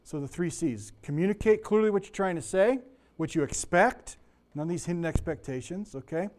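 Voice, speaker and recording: A man's voice: sits high, animated, a little fast, a little mellow. A middle-aged man teaching a Bible lesson in a conversational way, full of stories and asides, his voice a little sore. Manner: conversational, digressive, with anecdotes. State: slightly sore voice.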